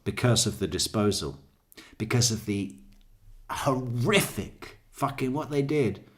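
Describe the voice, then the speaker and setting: A male true crime commentator talks slowly and casually, drifting between thoughts. He swears freely and chuckles at his own asides. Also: medium pitch, expressive, a little hiss or hum. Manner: profane, rambling, laughs at own jokes. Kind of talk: casual commentary over court footage.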